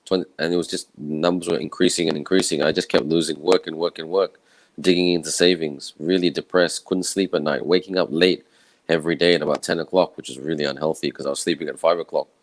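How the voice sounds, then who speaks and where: A man from Malaysia with a croaky, tired voice, giving an earnest, rambling personal talk from home. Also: rumbling low, steady tone, fast talker, no echo, low-quality recording. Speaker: event speaker. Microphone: own camera and microphone setup.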